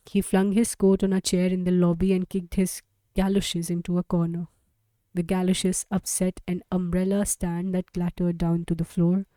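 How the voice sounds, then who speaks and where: A woman reads a novel aloud on a live stream, in a mellow, darker tone recorded dry and close. She sometimes stumbles over a word and corrects herself. She marks the characters' lines with light shifts of tone. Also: on the low side, no echo. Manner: reads aloud with small slips and self-corrections. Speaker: audiobook reader.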